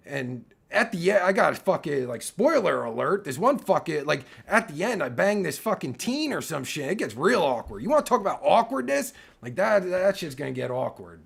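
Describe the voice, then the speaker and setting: A man in his forties rants with a gravelly, fry-laden voice that swings widely in pitch. He rambles and swears constantly, cutting himself off and restarting. His voice sounds worn, like he is losing it. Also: fairly bright tone. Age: 40s. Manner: loose, rambling, heavy swearing, keeps breaking off mid-sentence. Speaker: online video creator. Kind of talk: profane rant to camera.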